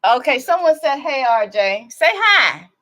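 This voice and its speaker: A woman's voice: high voice, very animated, measured pace, fairly bright tone. A woman hosting a casual live stream from home into a laptop, talking bluntly and with some profanity, teasing and chatty.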